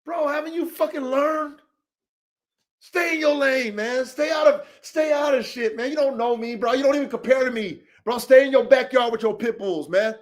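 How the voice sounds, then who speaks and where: A man with a notably high speaking voice delivers a heated, profane rant on his podcast. He talks in a confrontational way, circling back over the same points and calling people out by name. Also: moderate pace. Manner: profane, confrontational, repetitive, calls out names. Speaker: podcast host.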